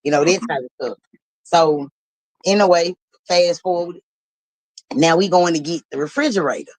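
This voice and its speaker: A woman hosting a livestream, telling a story in an animated, blunt and profane way and laughing as she talks. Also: fairly low pitch, moderate pace, no echo, poor audio. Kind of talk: casual storytelling.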